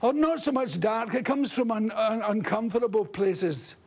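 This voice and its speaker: An older Scottish comedian telling animated, laughing anecdotes as a talk-show guest. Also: male voice, high voice, normal speed. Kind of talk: storytelling talk-show interview.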